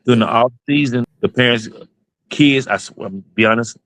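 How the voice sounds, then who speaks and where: A man's voice: mid-range voice, normal speed, a bit bright, dry recording, low-quality recording. A man, a basketball club owner and coach telling his story in an interview, earnest and emotional, going over points again and again.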